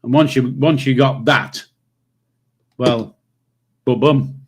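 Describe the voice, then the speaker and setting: This older man runs a casual livestream, going through viewer comments in a relaxed chat. His medium-pitched voice has a breathy edge and he takes it slowly, rambling, swearing now and then, and chuckling to himself.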